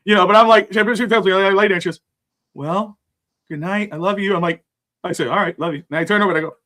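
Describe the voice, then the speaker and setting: Guy cohosting a podcast, bright kinda high voice, rambly and emotional, swears a lot. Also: fast. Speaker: podcast co-host. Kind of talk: casual chat.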